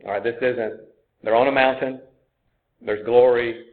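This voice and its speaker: A man's voice: medium pitch, steady tone, measured pace. A man preaching a sermon, earnest and conversational, often thinking aloud as he goes. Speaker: pastor. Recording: tinny phone-like sound.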